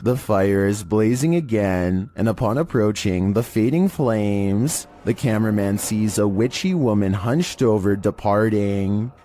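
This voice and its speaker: A man narrating creepy internet videos in a steady, monotone scripted delivery. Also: on the low side, measured pace, hardly any pauses, a little hiss or hum.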